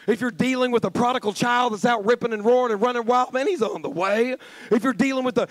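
A man preaches with a fairly high voice, building his points through rhythmic repetition. His delivery is earnest and emphatic, like a storyteller in the pulpit. The sound is close and dry, with no room echo. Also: fairly bright tone. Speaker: pastor. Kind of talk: sermon.

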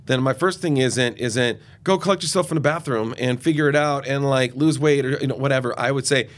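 An enthusiastic, loud man in his forties, talking off the cuff as a ministry guest in an interview. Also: medium pitch, brisk. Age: 40s. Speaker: guest youth and young adult ministry leader. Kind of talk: podcast interview conversation.

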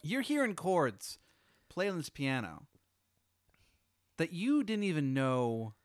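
A man improvising an absurd comedic scenario, rambling and halting with lots of restarts. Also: a little high, wildly swooping pitch, clean tone, dry recording, studio quality. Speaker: host telling a hypothetical.

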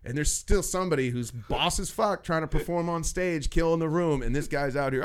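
A man's voice: a little high, brisk, few pauses, clean tone. A man telling rowdy stories from working at a comedy club in casual chat, cursing freely and acting out the people in them. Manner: animated, profane, acts out voices in his stories.

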